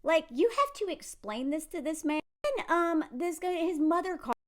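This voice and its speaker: High-voiced, sarcastic woman commentator. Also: moderate pace. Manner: animated, sarcastic, mixes in acted quotes. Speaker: film commentator. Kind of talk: casual commentary vlog.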